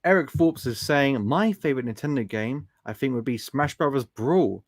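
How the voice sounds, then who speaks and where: A man hosts a live stream in a chatty, affectionate way, laughing often as he reads out viewer comments. His voice sits at a middling pitch. The sound is close and dry, with no room echo. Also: normal speed.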